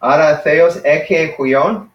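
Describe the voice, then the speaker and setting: A man teaching a casual one-on-one Greek lesson, encouraging and patient, spelling out words slowly. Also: a little high. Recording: roomy, dull lo-fi sound.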